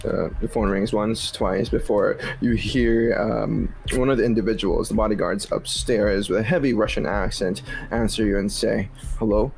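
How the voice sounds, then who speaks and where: A man narrating a tabletop game as game master, relaxed and unhurried, with fillers. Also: lowish voice, vocal fry, low-quality recording.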